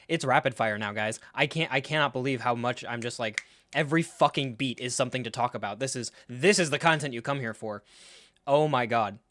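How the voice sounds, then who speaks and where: A man hosting a live reaction stream, talking in an animated, sarcastic way, swearing freely and acting out scenes. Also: mid-range voice, dry recording. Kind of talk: casual live reaction commentary.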